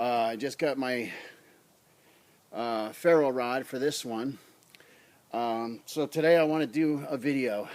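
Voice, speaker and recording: A man's voice: mid-range voice, a little mellow. A man casually reviewing a survival knife in his yard, talking in a rambling, blunt way into a tablet camera on a tripod. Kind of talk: casual outdoor demo vlog. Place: outdoors in a front yard.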